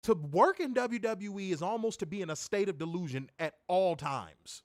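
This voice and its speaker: High, animated male host, emphatic and profane, dry close sound. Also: normal speed, dry recording. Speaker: podcast host reviewing wrestling. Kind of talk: casual ranting review.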